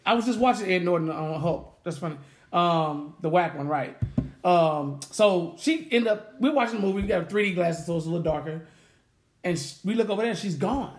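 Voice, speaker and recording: A man co-hosting a podcast, chatting casually as an animated storyteller who laughs often and swears freely. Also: high voice, brisk, echoey room. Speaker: podcast co-host. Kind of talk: casual chat.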